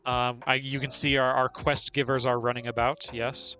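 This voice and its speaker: Male streamer, bright, forceful voice, chatty play-by-play with frequent laughs. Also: medium pitch, level tone, normal speed, faint music behind. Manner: chatty, laughs often, narrates own moves. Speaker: game streamer. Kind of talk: casual live gameplay commentary.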